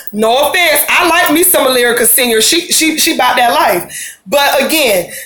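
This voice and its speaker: A woman's voice: sits high, pushed and bright, a little hiss or hum. Chatty woman recapping in an echoey room. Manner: chatty, slangy, rambling with asides. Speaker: show recap vlogger. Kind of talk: casual TV episode recap.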